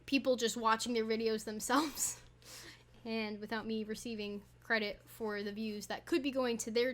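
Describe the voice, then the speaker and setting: Young woman rambling through a how-to vlog, kinda high voice, playful little jokes. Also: a bit bright. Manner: chatty, rambling, playful asides. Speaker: YouTuber. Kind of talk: casual tutorial chat.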